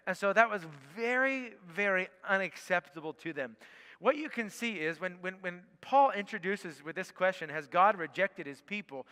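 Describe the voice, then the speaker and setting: A man's voice: high voice, bright, forceful tone, big-room sound. A man preaching a sermon, emphatic and full of rhetorical questions, often checking in with "okay?". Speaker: pastor.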